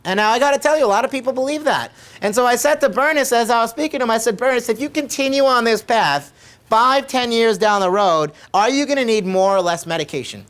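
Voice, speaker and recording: Chiropractor telling a patient story. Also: male voice, very high voice, quick pace, fairly bright tone. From United States. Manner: conversational, repeats questions for emphasis.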